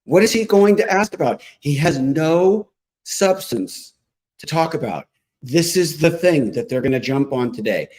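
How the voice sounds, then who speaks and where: A man's voice: on the high side, expressive, a little slow, darkish tone, poor audio. A man giving emphatic, combative political commentary as a guest on a talk show. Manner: emphatic, combative, punchy rhetoric.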